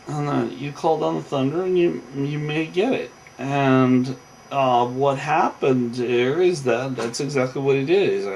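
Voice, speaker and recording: A man's voice: medium pitch, a little slow, creaky, a little hiss or hum, poor audio. Tired, rambling man recapping a show. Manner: rambling, full of fillers and restarts. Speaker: show commentator.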